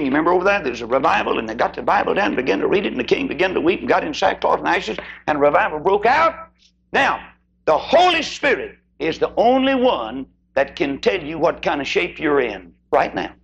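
An older man preaching a sermon, swinging between loud high peaks and hushed low passages. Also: creaky, dull audio, slight background noise. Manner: preaching with sudden swoops in pitch and loudness, shouting at peaks.

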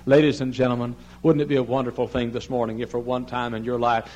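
An older man preaching a sermon, swinging from soft pleading to loud impassioned cries, sometimes drifting off the mic. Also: medium pitch, level tone, fast talker, few pauses. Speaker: pastor. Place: large church sanctuary.

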